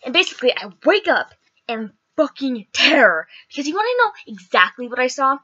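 A woman's voice: sits high, sing-song, brisk, bright, forceful tone, breathy edge, highs cut off. A woman vlogger telling a story in casual, chatty talk, full of "like" and "okay" and some swearing.

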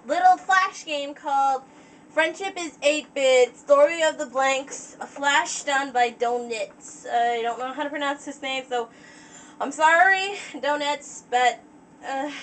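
A woman's voice: sits high, fairly bright tone, distant mic, slight background noise, rough recording. A woman casually narrating a game as she plays, rambling with lots of fillers. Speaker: let's play gamer.

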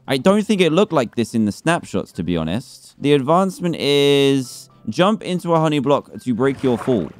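A young man with a British accent giving chatty Let's Play commentary and teasing the game animals in mock scolding. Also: mid-range voice. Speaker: gaming YouTuber.

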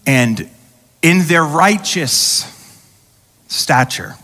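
Male pastor mid-sermon, conversational preacher who acts out quoted voices, bright forceful tone, slightly high. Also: animated, very slow. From United States. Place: large church auditorium. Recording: church hall reverb.

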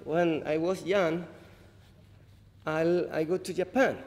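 A man's voice: a little high, steady tone, a little mellow. Paraguayan man speaking in a big hall. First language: Spanish. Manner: halting, humble English with restarts. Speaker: harpist performer. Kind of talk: stage introduction between songs. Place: large hall, live audience. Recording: roomy hall reverb, faint ambience.

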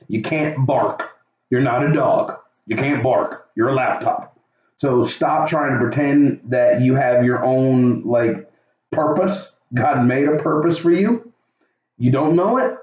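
A man preaching a casual devotional, excitable and laughing often, calling his listeners dude. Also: mid-range voice. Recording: echoey, distant, dull room sound.

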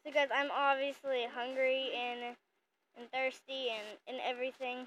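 Excitable high-voiced female game streamer. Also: normal speed, slight background noise, low-quality recording. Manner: excitable, chatty, keeps calling out to viewers. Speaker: gaming channel host. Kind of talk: casual gameplay commentary.

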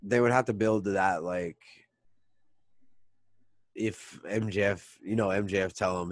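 Low voice guy joking around on a podcast, dry close sound. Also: steady tone, unhurried, pauses often, no echo. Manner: joking, teasing banter. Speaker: podcast co-host. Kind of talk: casual chat.

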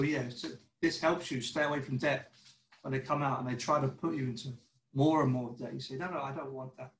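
In a roomy, low-quality recording, a church teacher with a medium-pitched voice gives a loose sermon on a video call. He's conversational, acting out short dialogues and stammering through frequent restarts.

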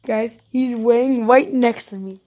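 A woman narrates a roleplay game as she plays it, talking straight to her viewers. Her voice sits a little high, and she turns jumpy at once, piling up quick panicked no's. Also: steady tone, a little mellow. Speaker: YouTuber playing a roleplay game. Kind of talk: live gameplay commentary.

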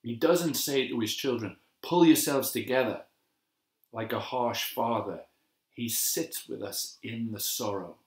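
A man giving a gentle, measured devotional sermon as a pastor, slowing down to repeat key phrases. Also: mid-range voice. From England. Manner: gentle, measured and reflective, with slow emphatic repetitions. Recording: echoey room.

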